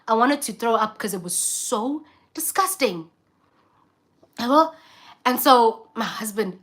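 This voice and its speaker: Animated South African woman telling a story. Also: on the high side. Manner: animated, acts out voices of people in her story. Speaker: vlogger. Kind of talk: casual storytelling, mixing English and Zulu.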